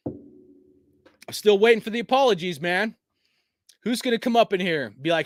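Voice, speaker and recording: A man hosting a fan channel, delivering a heated, profane, slangy sports rant at a fast clip. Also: sits high, lively intonation, dry recording. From US West Coast. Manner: heated, cursing, rapid-fire, slangy.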